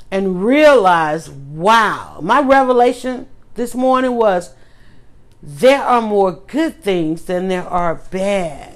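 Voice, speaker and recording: Animated woman ranting in a vlog. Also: mid-range voice. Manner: animated, emphatic, ranting with rising outbursts. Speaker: blogger. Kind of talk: casual monologue vlog.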